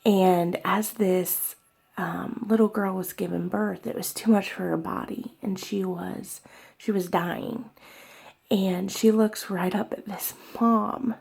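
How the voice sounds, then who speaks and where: A young woman talking in an emotional personal vlog, halting and tearful, with many fillers and soft whispered stretches. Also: medium pitch, fairly even intonation, vocal fry, breathy edge. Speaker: vlogger.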